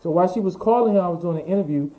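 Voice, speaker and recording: A man being interviewed as a fashion designer, telling his story in a lively, profane way and acting out the voices of the people he quotes. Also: high-pitched, racing, poor audio.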